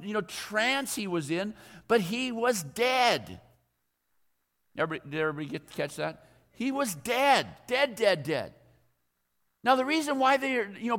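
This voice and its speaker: A man's voice: high voice, fairly bright tone, in a large hall. A man, a pastor, preaching a sermon, driving points home through emphatic repetition and questions put to the congregation. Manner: emphatic repetition of key phrases.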